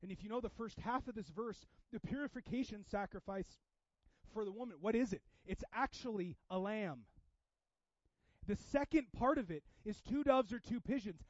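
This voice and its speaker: Man preaching, high voice, animated, loud bursts then hushed, dull dry recording. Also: normal speed, no room sound. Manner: animated, swings from loud emphasis to quiet intensity. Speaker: pastor. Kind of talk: sermon.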